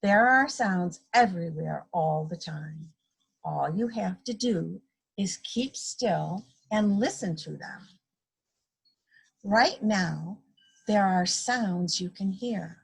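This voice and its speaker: Husky, slow woman reading a storybook. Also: on the low side. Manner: slow, expressive read-aloud with animal sound effects. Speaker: guest story reader. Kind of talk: reading a children's picture book aloud. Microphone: video call.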